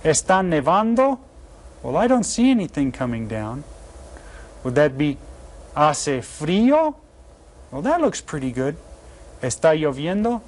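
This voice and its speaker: A man teaching an elementary Spanish lesson, saying Spanish phrases slowly and clearly in a friendly, encouraging teacher manner. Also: fairly high pitch, big pitch swings. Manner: slow, carefully enunciated Spanish phrases for learners.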